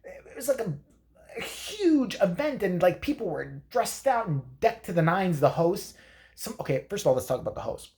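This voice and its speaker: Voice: mid-range voice, very animated, normal speed, darkish tone. Someone playing a foul-mouthed rambling granny. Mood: ranting. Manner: crude, rambling, profane. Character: crude, opinionated old grandmother. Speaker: comedy vlog character. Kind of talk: comedic rant.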